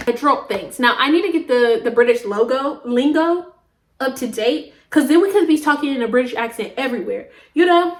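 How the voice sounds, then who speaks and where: A woman's voice: sits high, lively intonation, moderate pace. A young woman from the American South chatting casually to her viewers, rambling from topic to topic and laughing often. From Southern United States. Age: young adult. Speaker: vlogger.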